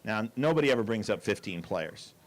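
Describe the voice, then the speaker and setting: A man's voice: on the low side, expressive, a little fast. An older man giving a storytelling talk to an audience, with dry asides and quoted lines.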